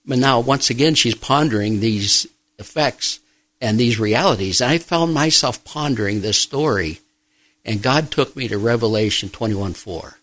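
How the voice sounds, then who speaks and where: A middle-aged man, a pastor and grief counselor, speaking softly and reflectively in an interview, pausing often. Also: medium pitch, low-quality recording. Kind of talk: personal testimony in an interview.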